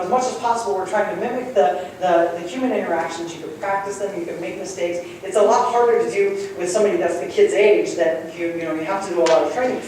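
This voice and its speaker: A man gives a friendly, conversational public lecture, easygoing and quick to chuckle. He is picked up from well back in the room, so his voice is wrapped in strong echo. There is faint background noise. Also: high voice, darkish tone. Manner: conversational, good-humored, chuckles often. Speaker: guest lecturer. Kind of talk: public lecture with audience questions. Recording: roomy hall sound from far off, faint noise.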